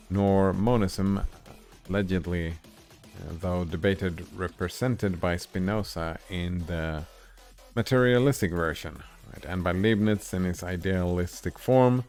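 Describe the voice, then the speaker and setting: Slow, low-voiced man reading philosophy aloud. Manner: slow, halting reading with comments in between. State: tired, yawning. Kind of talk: reading a text aloud with asides.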